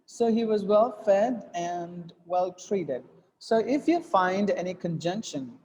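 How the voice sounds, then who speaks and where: Male English teacher, high mellow voice, reverberant classroom; patient step-by-step explainer. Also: a little hiss or hum. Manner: explains step by step, with fillers and repeated phrases. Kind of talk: classroom lesson on reading aloud. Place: classroom with students.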